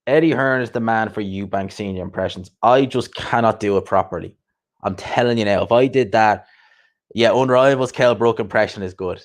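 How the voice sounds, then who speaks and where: A man hosting a casual livestream chat, chatty and quick to laugh, often repeating himself and swearing. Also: fairly low pitch. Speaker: host.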